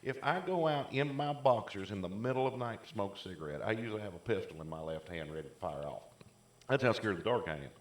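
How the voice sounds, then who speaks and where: A man's voice: lowish voice, animated, fast talker, reverberant. A man co-hosting a casual chat podcast, telling long rambling stories full of "like" fillers. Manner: rambling storyteller, many "like" fillers. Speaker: podcast co-host.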